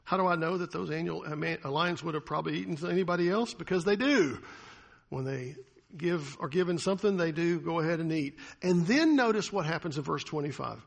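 Gravelly, husky man preaching a sermon. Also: fairly high pitch, brisk. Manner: conversational preaching with questions to the congregation. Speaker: pastor.

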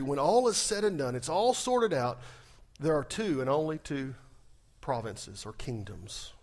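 A middle-aged male pastor preaching a conversational sermon, asking rhetorical questions and swinging between raised emphasis and quiet, trailing phrase endings. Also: mid-range voice.

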